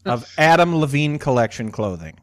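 A man's voice: mid-range voice, big pitch swings, normal speed, no echo. Playful teasing man with a dry, close sound. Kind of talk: casual podcast chat.

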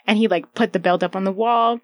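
A woman's voice: mid-range voice, steady tone, a little fast. A woman co-hosting a podcast, recapping a novel in an easygoing, filler-heavy way. She laughs now and then. Her voice sounds dry and close, with no room echo. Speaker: podcast co-host. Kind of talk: casual book discussion.

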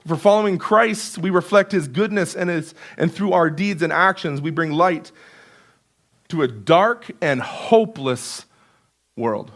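A pastor preaching a sermon in church, earnest and conversational, building emphasis through repetition. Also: male voice, a little high, animated, unhurried, a bit bright. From Canada. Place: church sanctuary.

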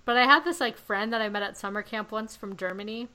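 A woman hosting a pop culture podcast, chatting casually and telling animated stories. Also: mid-range voice, fast talker, low-quality recording. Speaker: podcast host. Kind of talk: casual chat.

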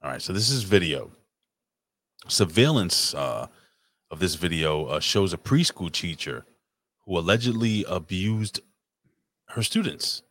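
Low-voiced profane man on a call. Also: big pitch swings, a little slow, pauses often, fairly bright tone, no room sound. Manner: profane, blunt, teasing. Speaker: podcast host. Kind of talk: crude casual chat.

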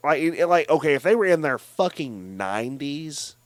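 A man's voice: a little high, normal speed, no room sound. A man co-hosting a casual film podcast, swearing freely and acting out scenes in mocking voices. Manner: profane, animated, retells scenes in mocking voices. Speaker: podcast co-host.

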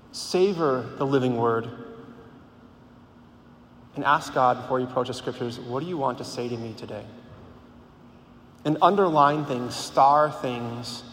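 A man preaches in a loose, conversational way, full of rhetorical questions and restarts. His mid-pitched voice rings out in a large hall with a long echo. Faint background noise sits under it. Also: fairly bright tone. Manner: conversational, frequent "like", repeats words, rhetorical questions. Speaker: speaker at a Catholic gathering. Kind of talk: informal sermon.

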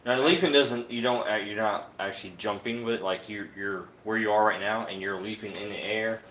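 A man's voice: lowish voice, a little fast, a bit bright, echoey room, far from the mic, a little hiss or hum. A man running a tabletop game as game master, laughing often and explaining the rules. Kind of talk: casual tabletop game session.

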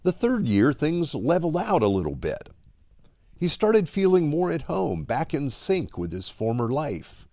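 A man preaching a dramatic devotional sermon, slow and deliberate, often dropping to a hush at the end of a line. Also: a little high, wildly swooping pitch, no room sound.

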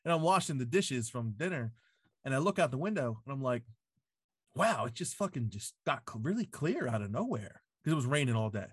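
A man's voice: medium pitch, very animated, a little fast, slightly rough, no room sound, studio quality. A man in casual chat, telling a story full of swearing and "like" fillers, recorded in a home basement.

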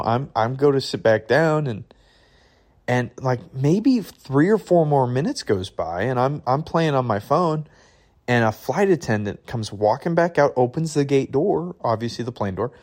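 A man's voice: medium pitch, darkish tone. A man from Michigan, a podcast host, telling a faith story in a casual, chatty, slangy way. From Michigan, USA.

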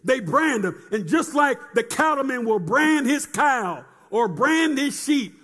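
A man's voice: very high voice, sing-song, unhurried, a bit bright, husky. A man preaching a sermon in a chanting, sing-song cadence, repeating phrases and calling on the congregation to answer.

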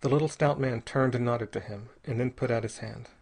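Brief: male audiobook narrator, measured storytelling, slight husk, mid pitch. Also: fairly even intonation, vocal fry, darkish tone, slightly rough. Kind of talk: scripted narration.

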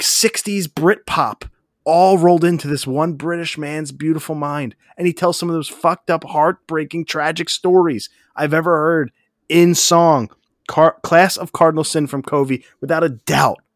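Profane, excitable podcast guy. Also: a little high, no room sound, clean studio sound. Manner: profane, enthusiastic, rambling. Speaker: podcast co-host. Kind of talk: casual podcast chat.

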